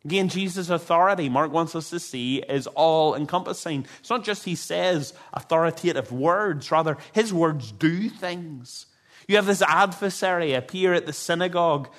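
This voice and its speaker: A man's voice: on the high side, moderate pace, fairly bright tone. A man pastor preaching a sermon in an earnest, emphatic way, with frequent restarts.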